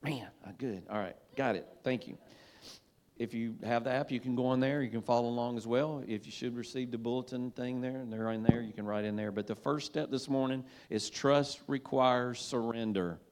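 A man's voice: medium pitch, fairly even intonation, moderate pace. Folksy man preaching a sermon. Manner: folksy, conversational preaching with call-and-response. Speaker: pastor. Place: church sanctuary.

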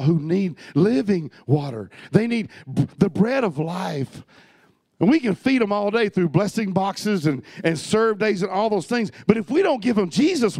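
A man preaching a sermon to his congregation, swinging from loud urging to soft, hushed storytelling. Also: high voice, no echo. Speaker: pastor. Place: church hall with a congregation.

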